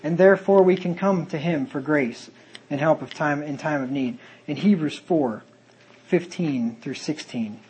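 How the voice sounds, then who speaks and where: A man delivers an earnest sermon in a pulpit style, reading Bible verses aloud in old-fashioned wording. His husky voice sits a little high and sounds a little mellow as he speaks unhurriedly, though the audio is poor.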